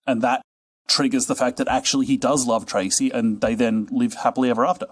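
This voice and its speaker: A man's voice: medium pitch, steady tone, a little fast, husky. A man, a guest on a movie podcast, joking in a sarcastic tone. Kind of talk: casual podcast chat.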